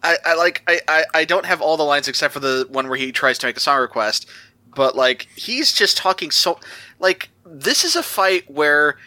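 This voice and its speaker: A man in casual podcast chat, starting his sentences with halting stammers. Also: on the high side, expressive, sharp tone.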